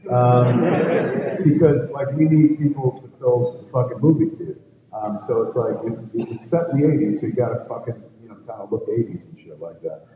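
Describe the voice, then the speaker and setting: Man, mid pitch, profane rambling storyteller at a convention panel, heard from far off in a big echoey hall. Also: normal speed, mellow, slight background noise. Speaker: filmmaker guest at a fan convention panel. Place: large convention hall with live audience.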